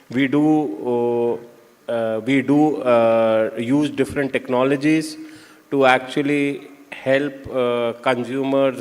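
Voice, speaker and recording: A man answering as a food technology panelist, methodically listing technical steps. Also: medium pitch. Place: conference hall. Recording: reverberant conference hall.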